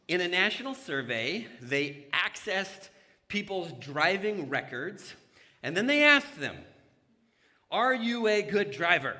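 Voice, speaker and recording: A man's voice: on the high side, sharp tone. A man preaching a conversational sermon in a church, asking the congregation questions as he goes. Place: church sanctuary. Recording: church hall reverb.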